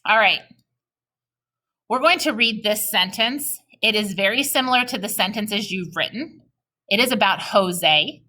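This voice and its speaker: A woman teacher giving a recorded reading lesson to young children, patient and encouraging, slowing right down to model sentences aloud. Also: medium pitch, sharp tone.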